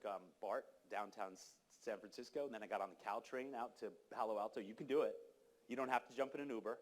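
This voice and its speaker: A man giving an impassioned conference talk, urging the audience and telling stories with direct questions to the listeners. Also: mid-range voice. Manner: urgent, exhorting, storytelling with direct questions to the audience. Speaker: conference speaker. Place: conference hall.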